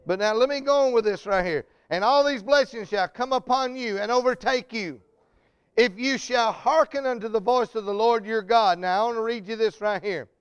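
A man preaching a fervent sermon, calling out to the congregation and building to shouted peaks. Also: very high voice, smooth.

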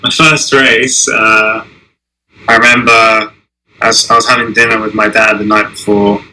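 A young man being interviewed, talking casually with many restarts and pauses. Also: lowish voice, flat delivery, bright, forceful tone, low-quality recording. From Israel. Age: young adult. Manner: halting, many restarts and "I mean". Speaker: guest, Olympic alpine skier.

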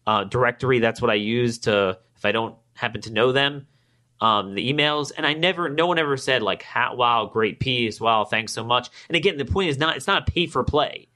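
A man hosting his own political podcast, talking alone to his listeners, growing emphatic and climbing higher when he gets indignant, and acting out both sides of past conversations. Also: a little fast, sharp tone. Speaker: podcast host. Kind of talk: political commentary monologue.

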